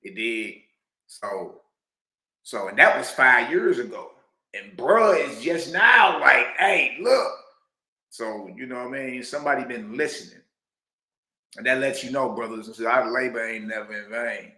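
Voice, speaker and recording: Excitable man in a roomy echoey space. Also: medium pitch, moderate pace. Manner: loud, excitable, laughs often, preacherly asides with "you dig". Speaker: reaction video host. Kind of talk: animated commentary reacting to a clip.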